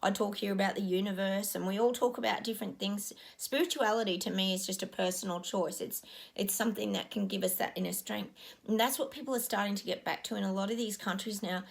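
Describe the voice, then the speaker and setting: Gravelly-voiced woman rambling earnestly. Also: medium pitch, fairly even intonation, fast. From Australia. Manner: rambling, earnest, with frequent ums. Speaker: psychic giving predictions. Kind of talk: casual monologue to viewers.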